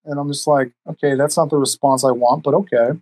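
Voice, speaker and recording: A man's voice: mid-range voice, fairly even intonation, a little fast, a little mellow, no echo, low-quality recording. A man telling stories as a podcast guest in a casual, rambling way, swearing freely, into a cheap microphone. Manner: profane, rambling, laid-back delivery. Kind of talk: casual storytelling. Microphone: cheap USB microphone.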